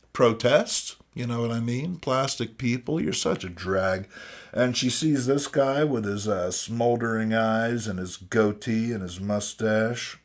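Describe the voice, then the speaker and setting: A man hosting a casual, jokey review of old comics, full of sardonic asides and "you know what I mean.". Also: mid-range voice. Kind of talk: casual comedic commentary.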